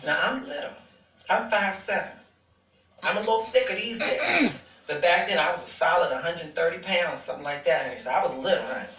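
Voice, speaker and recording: A woman's voice: lowish voice, animated, fairly quick, fairly bright tone, reverberant, recorded from a distance, rough recording. A woman host telling a personal story to her viewers in a sassy, casual way, calling them honey and swearing freely.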